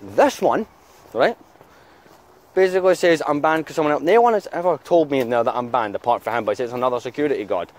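A man's voice: medium pitch, lively intonation, fast talker. A man vlogging outdoors in town, chatting casually and ranting with heavy swearing. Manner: angry swearing rant. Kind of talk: casual vlog chat.

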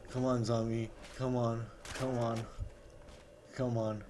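A man's voice: mid-range voice, flat delivery, takes it slowly, noisy background. A man doing comedic gameplay commentary as a gaming YouTuber parody, overexcited and full of gasping exclamations, with sarcastic asides.

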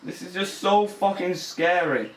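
A man's voice: high voice, measured pace, a bit bright, echoey room. A young man commentating a horror game as he plays, nervous and easily scared, swearing and laughing. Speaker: gamer. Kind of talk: let's play commentary.

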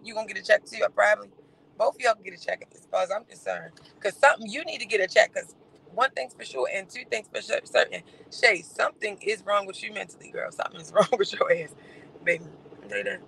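A man doing livestream gossip commentary in a sassy, campy, teasing way, with drawn-out exclamations and laughter. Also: sits high, creaky, fairly bright tone, husky, rough recording.

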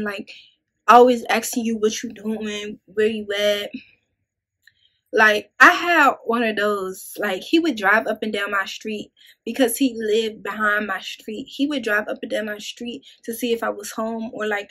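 A woman's voice: on the high side, bright, forceful tone, rough recording. Chatty young woman ranting to viewers. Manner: chatty, rambling, addresses viewers as y'all. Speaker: vlogger. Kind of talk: casual talk to camera.

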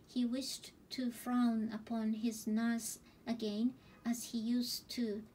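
Woman audiobook reader, slow gentle storytelling, mellow tone, a bit far from the mic, faint room ambience. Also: on the high side, slight background noise.

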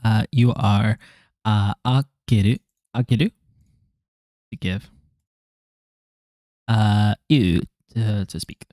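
A man's voice: fairly low pitch, slow, long pauses, mellow, dry recording, clean studio sound. A man streaming his language study, chatting casually, joking and rambling, laughing often and trailing off with fillers. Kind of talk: casual live-stream chat.

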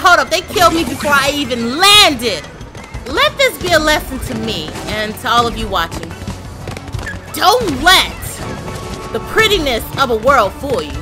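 Exasperated woman gamer with lively pitch. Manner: exasperated, shouting and exclaiming at failures. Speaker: gameplay streamer. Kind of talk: let's play commentary. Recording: loud game music behind. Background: game music.

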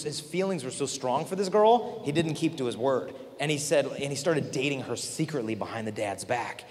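A man telling stories to a large young audience at a conference, acting out the people he quotes. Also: mid-range voice. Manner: animated, acts out quoted voices. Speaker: conference speaker. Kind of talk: storytelling talk to a youth audience. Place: large convention hall. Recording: long hall reverb, faint noise.

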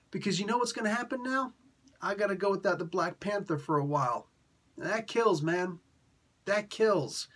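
A woman's voice: lowish voice, fairly bright tone, slightly rough. A woman from Italy delivering a casual ranting review as a comic book reviewer. She sounds fed up and exasperated, circling back to the same complaints. She peppers her talk with "man" and "dude". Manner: exasperated, repetitive, keeps saying "man".

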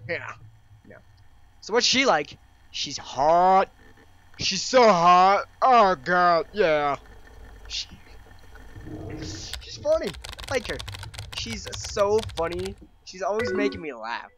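Against a noisy background and loud keyboard typing, a young let's-play gamer with a mid-range voice narrates his gameplay playfully, swearing as he goes. He reads chat lines aloud and puts on mock-dramatic reactions.

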